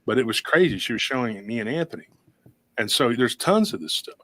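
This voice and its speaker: A man's voice: medium pitch, lively intonation, fast talker, fairly bright tone, no echo. A man hosting a paranormal talk show, telling a long story in a rambling, casual way with many restarts and acted-out quotes. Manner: rambling, restarts often, acts out quoted voices.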